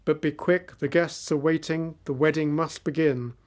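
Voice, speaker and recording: A man's voice: a little high, steady tone, normal speed, close to an everyday voice. A man reading the part of a stubborn, bossy village father in a storybook. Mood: impatient. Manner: bossy, impatient.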